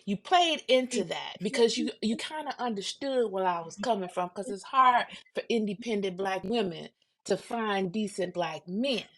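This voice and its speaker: Blunt fifty-something woman venting on her podcast, goes quiet then loud. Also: normal speed. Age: 50s. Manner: blunt and animated, swings from low murmurs to loud outbursts. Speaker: podcast host. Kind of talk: casual monologue.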